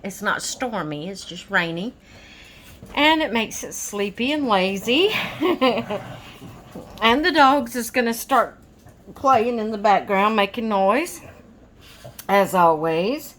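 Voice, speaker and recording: A woman chatting casually in a crafting vlog at home, a little out of breath, rambling in a relaxed way. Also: mid-range voice, slow pace, long pauses, a little hiss or hum. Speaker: crafting vlogger. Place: home with dogs, rainy day.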